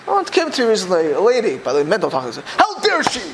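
Animated male religious teacher, many restarts. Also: sits high, rapid-fire, a little hiss or hum, rough recording. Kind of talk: Torah class.

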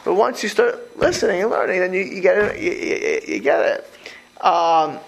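The poor audio captures a rabbi's high-pitched, gravelly voice at normal speed as he gives an informal Torah lecture. He speaks animatedly and directly to his listeners, tossing out rhetorical questions and often restarting with repeated words.

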